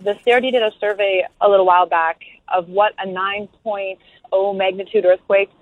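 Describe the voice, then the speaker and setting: A woman calling in to a radio talk show, speaking in a measured, thoughtful way. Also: mid-range voice, fairly even intonation, dry recording. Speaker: caller. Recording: tinny phone line.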